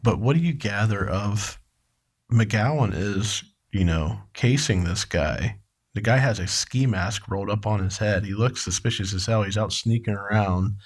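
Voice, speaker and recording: A man's voice: fairly low pitch, unhurried, breathy edge. A man co-hosting a true crime podcast, reading parts of a case and asking his co-host questions about it. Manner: questioning, conversational. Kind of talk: true crime narration and discussion.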